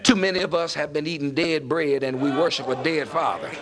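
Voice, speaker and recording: A man's voice: fairly high pitch, a little fast, a bit bright. A man preaching a sermon verse by verse, emphatic and building to raised points.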